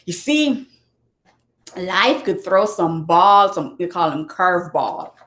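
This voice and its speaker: A woman's voice: lowish voice, animated, takes it slowly, a bit bright. A woman who is a motivational speaker and author, giving an earnest, casual talk. She repeats her points, often restarts her sentences, and now and then fumbles for words. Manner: earnest and repetitive, with frequent restarts.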